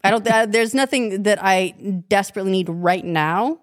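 A woman co-hosting a casual podcast, relaxed and hesitant, filling with ums and giggling. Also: medium pitch, moderate pace, no room sound, clean studio sound. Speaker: podcast co-host. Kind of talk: casual chat.

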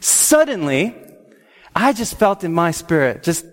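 A man telling a personal faith testimony in an animated, excitable way, with frequent "okay?" asides. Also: high-pitched, a little slow, big-room sound. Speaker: speaker sharing a faith testimony.

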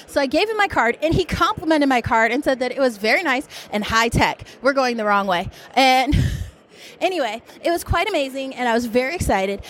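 A woman podcast host recording herself at a convention, gushing breathlessly with fangirl excitement. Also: high voice, a little fast, slight background noise. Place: convention hall.

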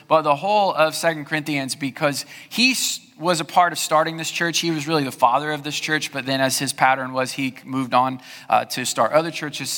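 A man preaches in a relaxed, conversational way, often tossing out a quick "right?" to the congregation. His voice sits a little high and sounds bright and forceful. The sound carries a long reverb, as in a large church hall. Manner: conversational preaching with rhetorical questions. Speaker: pastor. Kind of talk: sermon.

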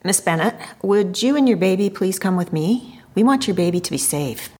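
A woman playing a gentle coaxing officer, husky. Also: medium pitch, expressive, moderate pace.

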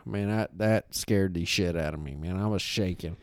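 A man spins a long, rambling story in casual podcast chat. His voice sits low and sounds smooth and resonant, recorded close and dry. He swears freely and keeps stopping to say "like". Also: normal speed, dry recording. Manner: animated storytelling, heavy swearing, frequent fillers. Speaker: podcast co-host.

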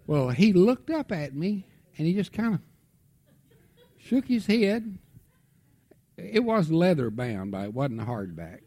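A middle-aged man preaching, telling a family story with lively swings from loud outbursts to hushed tones. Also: fairly high pitch, a little slow, pauses often. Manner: animated storytelling, drops to a hush for tender moments. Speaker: pastor. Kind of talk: sermon storytelling.

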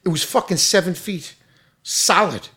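A man who runs a restaurant, angrily venting in a loud, profane, exasperated rant. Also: sits high, normal speed.

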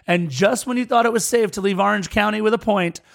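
A man with a notably high voice co-hosts a casual soccer podcast. He runs through match results in a brisk, wry manner, throwing in jokes as he goes. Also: gravelly. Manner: quick, jokey recap delivery. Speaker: podcast co-host. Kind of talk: casual sports podcast chat.

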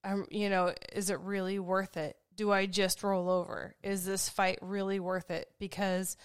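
A woman's voice: mid-range voice, little pitch movement, moderate pace, smooth, dry recording, studio quality. A woman co-hosting a podcast, speaking candidly and from the heart about raising her children. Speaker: podcast co-host. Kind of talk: casual conversation.

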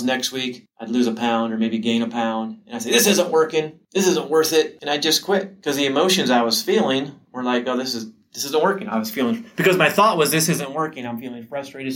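A man's voice: mid-range voice, a bit bright. Middle-aged man, teacher, conversational advice talk, mid-range voice, restarts and self-quoting asides. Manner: conversational, repeats words and restarts, acts out his own inner dialogue. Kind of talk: casual motivational talk to camera.

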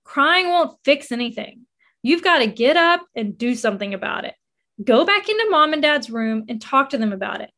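A woman's voice: high voice, big pitch swings, normal speed, pushed and bright, heavily acted. A woman voicing a stern teenage older brother who speaks bluntly in a harsh tone.

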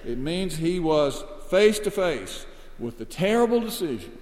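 A man's voice: sing-song, a little slow, darkish tone. Earnest male preacher in a reverberant hall. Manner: earnest, rises to emphatic peaks then drops low. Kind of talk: expository sermon.

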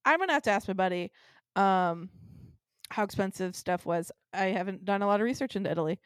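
A woman's voice: mid-range voice, animated, a little fast, no echo, clean studio sound. A woman co-hosting a podcast in casual chat, rambling along with lots of ums and frequent laughs. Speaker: podcast co-host.

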